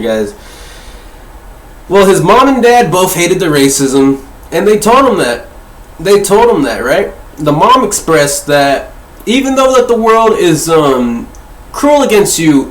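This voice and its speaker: A man's voice: on the high side, a bit bright. A man hosting a casual book discussion, rambling and swearing freely as he corrects himself mid-thought. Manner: profane, rambling, self-correcting. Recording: echoey room.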